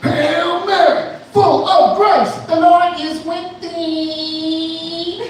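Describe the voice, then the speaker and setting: A rap crew yelling out a prayer, voice jumped way up high and each word stretched long. It rings around an echoey room, caught on a mic set some distance off. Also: male voice, level tone, very slow, a little hiss or hum, exaggerated voice. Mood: shouting. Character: impression of a shouting rap group reciting a prayer.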